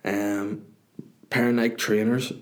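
A low-pitched man hosting a podcast in casual chat. He rambles through listener questions with crude, self-mocking humour, his pace loose and easy. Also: level tone, takes it slowly. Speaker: podcast host and comedian.

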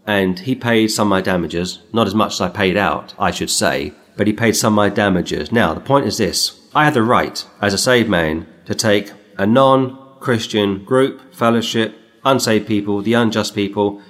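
A low-pitched, middle-aged man delivering a sermon. He speaks with emphasis and reaches up in pitch whenever he reads scripture aloud. His talk mixes Bible reading with personal stories. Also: normal speed, hardly any pauses, fairly bright tone. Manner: emphatic, rises sharply when reading scripture. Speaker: preacher.

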